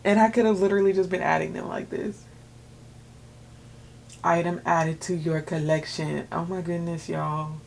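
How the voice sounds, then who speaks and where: An excitable woman in her thirties chats to her viewers about her books. Her voice sits on the low side and has a gravelly fry. A faint background hiss runs under the talk. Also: moderate pace, pauses often. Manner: chatty and excitable, with filler words. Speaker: book vlogger. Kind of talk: casual chat.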